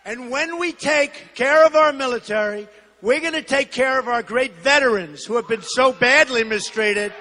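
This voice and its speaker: At a campaign rally in a large venue, a political candidate with a high, bright voice speaks at a moderate pace. His phrasing is emphatic, punchy and repetitive, and he shouts some lines, with the long reverb of a big hall behind him.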